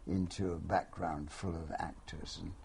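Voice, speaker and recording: A man's voice: low voice, fairly even intonation, moderate pace, creaky, a little mellow, slight background noise. A man in his eighties from London, a veteran actor answering interview questions in a wry, hesitant way with many restarts. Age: 80s.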